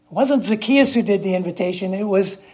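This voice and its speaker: A preacher giving a sermon, speaking emphatically with long dramatic pauses and rhetorical questions to the congregation. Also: medium pitch, darkish tone, a little hiss or hum.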